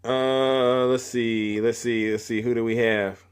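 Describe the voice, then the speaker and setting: A man's voice: medium pitch, slow pace, clean tone. A man hosting a live call-in stream, chatting casually about politics and calling listeners up by name. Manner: animated, calls out to listeners by name.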